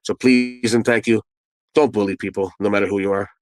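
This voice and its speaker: A man's voice: on the low side, steady tone, brisk, no echo, low-quality recording. A man, a guest telling a personal story in a candid, rambling way full of asides. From Canada. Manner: conversational and rambling, with asides and restarts.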